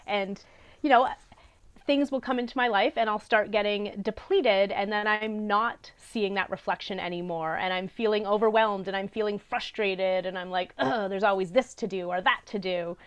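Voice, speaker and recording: A podcast co-host who is an adult parent talks in an unhurried, reflective way, earnest and thoughtful, with soft laughs. She sometimes stops mid-thought, gently searching for the right word. Her voice is medium-pitched and clean.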